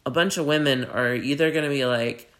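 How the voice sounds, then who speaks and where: A man's voice: medium pitch, brisk. Rambling man retelling a story. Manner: rambling, acts out lines in loud put-on voices. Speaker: podcast co-host. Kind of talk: casual retelling of a TV episode.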